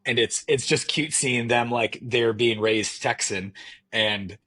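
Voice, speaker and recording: A man's voice: mid-range voice, takes it slowly, fairly bright tone. A man guest on a podcast, chatting casually and rambling with lots of "I mean" and "like" over a remote call. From California. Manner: easygoing, rambling with fillers like "I mean" and "like". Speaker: podcast guest, custom knife maker. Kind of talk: casual chat.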